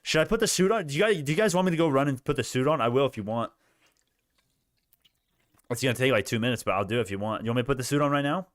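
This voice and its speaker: A young man hosting a stock market livestream, talking straight to his chat viewers with lots of restarts and growing excitement. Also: mid-range voice, racing, no room sound, studio quality. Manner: animated, talks to chat viewers, many restarts, rising excitement. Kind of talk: excited live market commentary.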